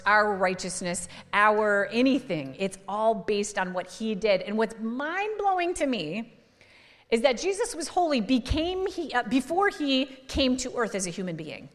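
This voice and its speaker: A woman's voice: mid-range voice, fairly bright tone, in a large hall. A woman pastor giving a sermon in a church, talking in a conversational way with fillers and restarts.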